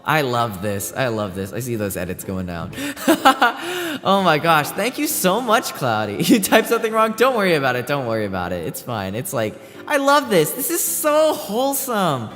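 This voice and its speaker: A man's voice: medium pitch, big pitch swings, a little fast, hardly any pauses, fairly bright tone. Bubbly, giggly streamer man. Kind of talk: casual stream chat and fanfic reading. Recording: long reverb, faint background music.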